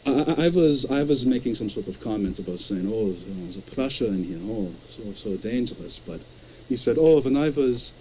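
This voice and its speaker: A man putting on a Russian accent as a caller, telling a story in halting, article-dropping speech with many repeated words. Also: medium pitch, expressive, warm tone, a little hiss or hum, close to an everyday voice, poor audio. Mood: storytelling. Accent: put-on Russian.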